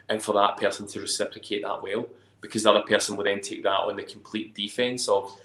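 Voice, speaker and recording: A man's voice: on the low side, little pitch movement, quick pace, sharp tone. A man in a casual chat giving thoughtful advice about connection and honesty. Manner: reflective, gives advice. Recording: echoey room.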